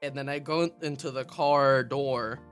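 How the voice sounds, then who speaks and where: A streamer casually telling a funny story to chat, animated and laughing often at their own expense. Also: medium pitch, unhurried, faint music behind.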